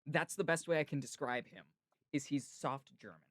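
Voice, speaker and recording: A man's voice: fairly high pitch, moderate pace, no echo. A man hosting a casual chat, talking enthusiastically with lots of fillers. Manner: enthusiastic, chatty, many fillers. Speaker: podcast host.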